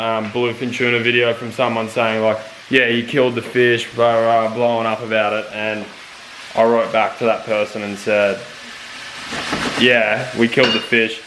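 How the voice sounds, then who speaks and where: A man's voice: mid-range voice, a bit bright, slight background noise. A man with an Australian accent, chatting candidly and casually with slang and the odd swear word. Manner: laid-back, candid, uses slang and swears. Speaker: fishing video maker visiting as a guest. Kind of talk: casual chat. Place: home kitchen, indoors. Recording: echoey kitchen.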